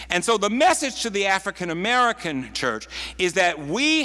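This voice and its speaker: A man's voice: sits high, big pitch swings, moderate pace, hardly any pauses, bright, forceful tone. Preaching man in an echoing hall. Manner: repeats words while building a point, folksy asides. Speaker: pastor. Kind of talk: sermon. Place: church sanctuary.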